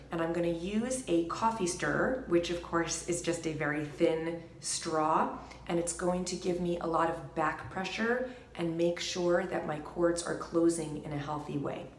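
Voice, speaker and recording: Woman vocal coach, low calm voice. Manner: calm, explanatory, demonstrates with sung syllables. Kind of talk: singing lesson demonstration. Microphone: microphone. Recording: echoey room with piano.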